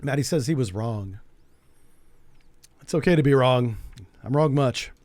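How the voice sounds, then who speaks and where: A man streaming a game, chatting casually and joking as he thinks out loud. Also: medium pitch, unhurried, no echo. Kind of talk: casual gameplay commentary.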